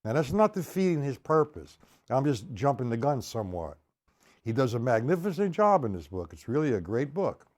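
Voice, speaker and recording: A man's voice: mid-range voice, very animated, normal speed, darkish tone. A man teaching a drum lesson, explaining patterns step by step and counting sixteenth notes aloud. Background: drum kit playing.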